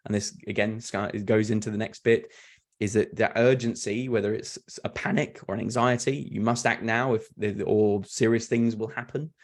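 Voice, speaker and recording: A man, a fraud prevention speaker, explaining in an earnest, animated way on a video call, often restarting and repeating words. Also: lowish voice, normal speed. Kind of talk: webinar fireside chat.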